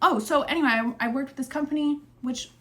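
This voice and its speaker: A woman's voice: high voice, fast, fairly bright tone, a little hiss or hum. A young woman in her twenties chatting casually to camera at home, rambling and indecisive with lots of fillers. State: out of breath. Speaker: beauty vlogger. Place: at home, indoors. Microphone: camera mic, later phone on a tripod.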